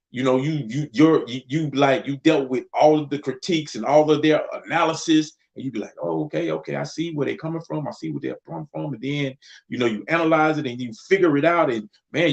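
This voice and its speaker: A man in his thirties from Mississippi speaks with a Southern accent in a relaxed, conversational way. His voice is gravelly and sits at an ordinary pitch. He talks as a podcast co-host, thinking aloud and circling back on his words. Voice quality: relaxed, conversational vernacular with frequent restarts. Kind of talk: casual discussion, responding to chat.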